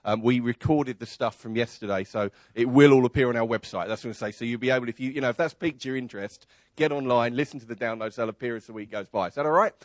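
Man, fast-talking, church announcements, introducing speaker, dry close sound. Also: medium pitch, dry recording. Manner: brisk, announcing.

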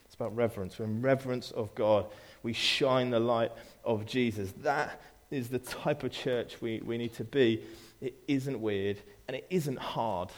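A man's voice: medium pitch, unhurried, few pauses. A man delivering a sermon to his congregation in an easygoing, conversational way. He restarts phrases, repeats words, and drops playful asides to people in the room. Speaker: pastor. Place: church.

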